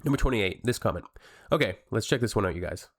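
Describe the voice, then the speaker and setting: Blunt, chatty man with a lowish voice. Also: animated, fast. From Canada. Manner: blunt, chatty, addresses viewers. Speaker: reaction video host. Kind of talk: casual reaction commentary.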